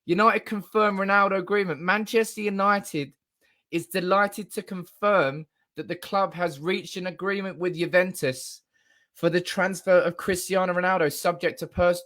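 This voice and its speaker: A young man hosts a live fan stream, his voice sitting a little high. He is giddy and loud, swearing freely and laughing as he reads viewers' comments aloud into his desk mic. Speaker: fan channel livestream host. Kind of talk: excited live-stream reaction.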